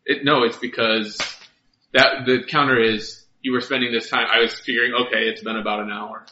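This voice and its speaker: Male game master, halting narration, very bright and sharp tone, echoey lo-fi room. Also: mid-range voice, flat delivery. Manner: halting, many restarts. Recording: roomy, dull lo-fi sound.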